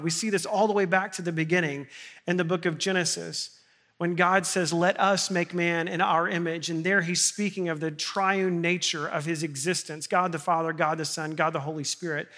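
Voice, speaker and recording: A man's voice: on the high side, steady tone, moderate pace, a bit bright. A man who is a pastor, preaching a sermon in an earnest way that builds to impassioned appeals.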